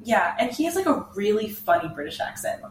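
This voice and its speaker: A young woman co-hosting a casual podcast chat, talking quickly and laughing often. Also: medium pitch, very animated. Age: young adult. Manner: chatty, laughs often, does mock voices of drivers. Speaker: podcast co-host. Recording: echoey room, mic far off, faint noise.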